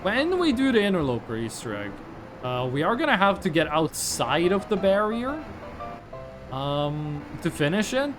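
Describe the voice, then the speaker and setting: A streamer from Norway speaking with an American-sounding accent, chatty and rambling, full of fillers. The pitch bounces around a lot. Faint music plays underneath. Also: very animated, normal speed. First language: Norwegian. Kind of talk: casual gameplay commentary.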